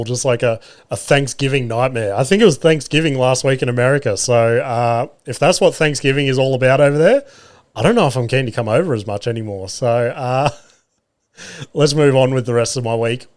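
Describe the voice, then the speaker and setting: Um homem australiano na casa dos trinta apresenta o seu podcast num monólogo descontraído. Conta histórias da família, xinga à vontade, ri e imita as vozes dos outros. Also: male voice, mid-range voice, normal speed. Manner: swearing, laughing, acting out family voices. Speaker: podcast host. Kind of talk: casual storytelling monologue.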